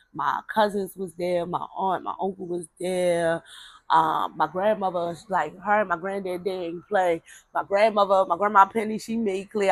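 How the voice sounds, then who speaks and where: A woman tells a family story in casual talk, rambling with repeated words and fillers and acting out her relatives' voices when quoting them. Her voice is lowish, with no echo, and the recording is rough.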